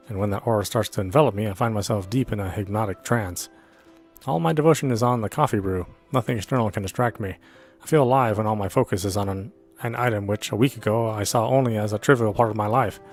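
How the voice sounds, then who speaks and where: Low-voiced man reading a story aloud. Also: fast. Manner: earnest first-person narration. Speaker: visual novel reader. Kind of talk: reading a visual novel aloud. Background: faint background music.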